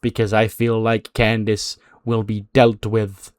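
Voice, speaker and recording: A smug wrestling champion, voiced by a man recapping a game drawls out each word slowly. His tone is condescending and deliberate. The sound is dry and close. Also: lowish voice, flat delivery, clean tone, no room sound, close to an everyday voice.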